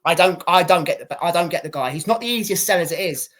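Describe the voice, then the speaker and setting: A man's voice: high-pitched, fast talker, a bit bright. A man co-hosting a casual boxing podcast, ranting and swearing with lots of repetition. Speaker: podcast co-host.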